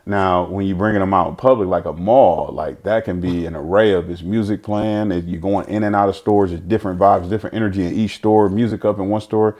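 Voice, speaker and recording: Deep-voiced earnest man talking candidly. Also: fairly even intonation, a little fast, few pauses, darkish tone. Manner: earnest, reflective, many fillers and restarts. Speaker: guest, father of an autistic son. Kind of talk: candid conversational interview.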